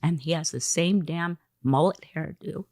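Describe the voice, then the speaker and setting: A woman telling an anecdote in an interview, animated, acting out the lines she quotes. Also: low voice, a little slow, no room sound, studio quality. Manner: animated storyteller who acts out quoted lines. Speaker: interview guest.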